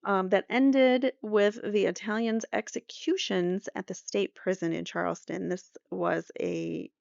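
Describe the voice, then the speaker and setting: A woman's voice: medium pitch, a little slow, creaky, a little mellow, no echo, dull audio. A woman hosting a true crime podcast, reading an article aloud with sarcastic, chatty commentary. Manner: sarcastic, chatty, laughs at her own asides.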